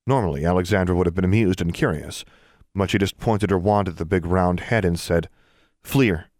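A man narrating a fantasy novel audiobook in a calm, even reading. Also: sits low, brisk, no room sound, studio quality. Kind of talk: scripted narration.

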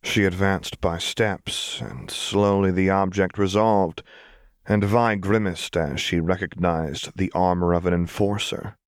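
A man reading a fan-fiction story aloud as a steady, measured narrator. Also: deep voice, smooth, no echo, studio quality. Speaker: audiobook reader. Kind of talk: scripted narration.

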